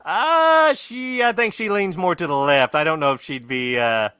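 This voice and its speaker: A man's voice: on the high side, very animated, normal speed, pushed and bright, clear, resonant tone, no room sound. A man co-hosting a podcast, talking in blunt, profane, opinionated casual chat. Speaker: podcast co-host.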